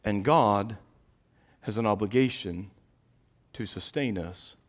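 A middle-aged man preaching a sermon, swinging between quiet, intimate asides and loud, impassioned peaks. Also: fairly low pitch, takes it slowly.

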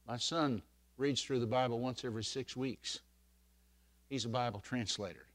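An older man preaching a sermon in a folksy storytelling way, swelling loud when he quotes scripture. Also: medium pitch, normal speed.

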